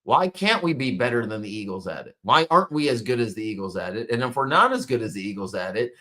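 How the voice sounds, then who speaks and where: A man's voice: mid-range voice, pushed and bright. A man hosting a sports talk show, venting exasperated, swearing commentary about his home team's loss. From Baltimore area. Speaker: sports podcast host.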